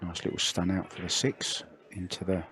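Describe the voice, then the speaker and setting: A man doing relaxed, chatty play-by-play commentary on a billiards match. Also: low-pitched, moderate pace.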